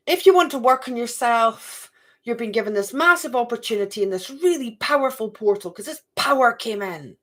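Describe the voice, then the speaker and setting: A woman giving a casual, chatty spiritual card reading to her viewers, often checking in with "okay?" and "right?". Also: on the high side.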